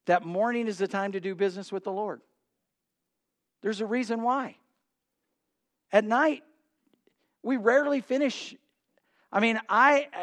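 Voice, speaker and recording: A male pastor preaching a sermon in a conversational way, acting out voices of the people he quotes. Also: high-pitched.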